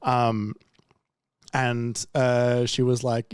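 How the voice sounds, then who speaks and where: A man's voice: medium pitch, brisk, a little mellow, no echo. Stammering man rambling through a story, dry sound. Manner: rambling, stammering, laughing anecdotes. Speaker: guest. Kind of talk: casual chat.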